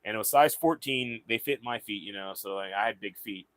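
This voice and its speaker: A man's voice: on the low side, fairly quick, fairly bright tone. A young man from the American South telling a casual, rambling story, often repeating words as he goes. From Southern United States. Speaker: vlogger.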